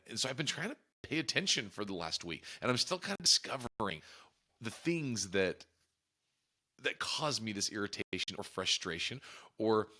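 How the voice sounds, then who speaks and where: A man's voice: lowish voice, pushed and bright. A man hosting a podcast, talking in an earnest, reflective way and often restarting or repeating his phrases. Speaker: podcast host. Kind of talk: casual reflective monologue.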